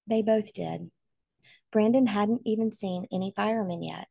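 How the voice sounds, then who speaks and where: A woman's voice: mid-range voice, normal speed, creaky, warm tone, breathy edge, no room sound. A woman narrating a novel aloud in an earnest, emotional way. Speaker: audiobook reader.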